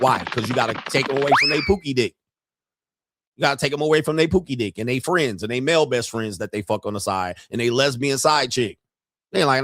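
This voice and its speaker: A man's voice: fairly high pitch, lively intonation, fast, fairly bright tone, dry recording. Profane joking male stream host. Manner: profane, joking, acts out quoted voices. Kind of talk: casual live-stream rant. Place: home studio.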